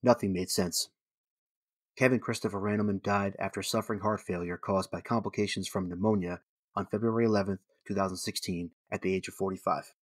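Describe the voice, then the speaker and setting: A man giving solemn, steady scripted narration for a documentary. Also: low voice, fairly quick, no room sound, studio quality.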